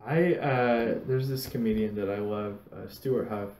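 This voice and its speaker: Animated swearing man in echoey room. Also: on the low side, unhurried, slight background noise. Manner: swears a lot, animated storytelling. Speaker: podcast host. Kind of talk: casual podcast chat.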